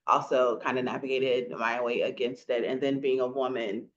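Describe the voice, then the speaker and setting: Lively woman host, slightly muffled sound. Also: a bass voice, normal speed. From rural Florida, USA. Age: 30s. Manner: animated storyteller who laughs often and acts out quoted people. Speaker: podcast host. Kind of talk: casual podcast chat.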